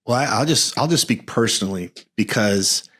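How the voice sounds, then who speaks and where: A man's voice: fairly low pitch, expressive, moderate pace, a bit bright, husky. A man in his fifties, a men's coach, speaking earnestly and reflectively as a podcast guest, often restarting his phrases. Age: 50s.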